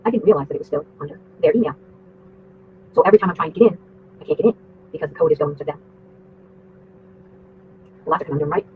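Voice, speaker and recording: Fast-talking woman on a tinny line. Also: low-pitched. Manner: rambling, profane, indignant. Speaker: livestreamer. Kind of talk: livestream storytelling rant. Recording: tinny phone-like audio with faint noise.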